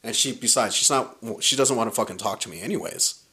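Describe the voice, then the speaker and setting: A man's voice: on the low side, fast talker. Man telling a story, casual and profane. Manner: animated, profane, acts out quoted lines.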